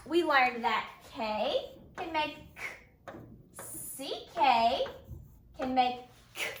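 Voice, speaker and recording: A woman teacher giving a slow, upbeat phonics lesson to young children, praising them often. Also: high voice, bright, forceful tone, roomy sound. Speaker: first-grade teacher.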